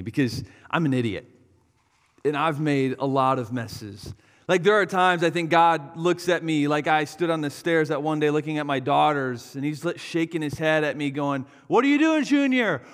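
A man's voice: on the high side, fairly bright tone, in a large hall. A man in his thirties, a pastor preaching a sermon, telling a family story with quoted voices. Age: 30s.

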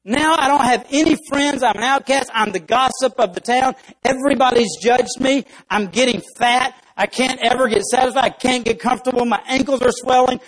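A worn-out pregnant young woman, as a preacher voices her, listing her complaints. Her voice is high and husky and sounds self-pitying. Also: brisk, hardly any pauses, a bit bright, low-quality recording. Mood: weary.

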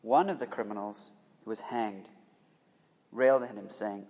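A man's voice: on the low side, normal speed, a little mellow. A man preaching a sermon in an emphatic, conversational way, often restarting his phrases. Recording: long reverb of a hall.

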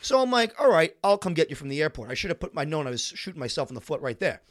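A man's voice: a little high, big pitch swings, rapid-fire. A man telling a wry, exasperated story in a casual chat.

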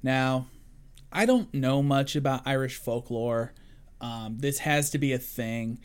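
Man, podcast co-host, casual film recap, teasing humor, mid-range pitch. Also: clear, resonant tone. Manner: joking, teasing, quick to laugh.

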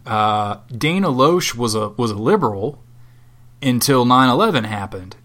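A man's voice: mid-range voice, very animated, unhurried, a bit bright. A man co-hosting a podcast from Southwest Florida, chatting casually in a rambling, sardonic and profane way. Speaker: podcast co-host. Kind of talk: casual chat.

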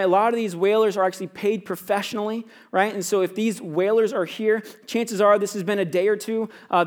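Male pastor with a high voice, chatty sermon delivery that checks in with the room. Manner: conversational, peppered with "right?" and "like".

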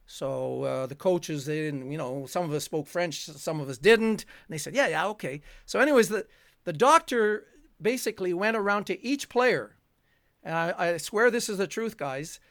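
A man's voice: high voice, expressive, moderate pace, a bit bright, no room sound, studio quality. An older man, telling a long story as a guest, rambling and chuckling with plenty of fillers. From Canada. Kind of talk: storytelling in a conversation.

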